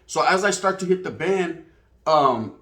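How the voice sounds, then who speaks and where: Unhurried but expressive, this Californian guest storyteller speaks on the high side in a pushed, bright voice. He spins casual stories packed with slang, performing other people's lines, and the sound carries a roomy echo.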